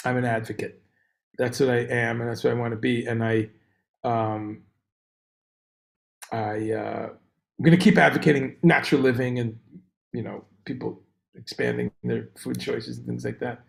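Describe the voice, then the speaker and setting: Gravelly animated man, echoey room. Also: medium pitch, normal speed, long pauses. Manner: rambling, animated, greets viewers by name. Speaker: livestream host. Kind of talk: casual livestream chat. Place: room on tour abroad.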